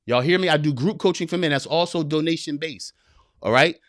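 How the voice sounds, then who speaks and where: A man's voice: a little high, brisk, a bit bright, no room sound, studio quality. A man in his forties, a men's coach, giving an impassioned motivational speech full of repetition and street slang. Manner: preachy and emphatic, repeats phrases, street slang. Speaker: men's coach and podcast guest.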